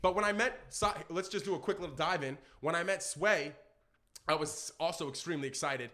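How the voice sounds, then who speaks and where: Bright, excitable man telling stories. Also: on the high side, fairly quick. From Brooklyn, New York. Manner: excitable, acts out the people in his stories, bursts into shouts. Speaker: podcast guest, children's entertainer. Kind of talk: animated storytelling in casual chat.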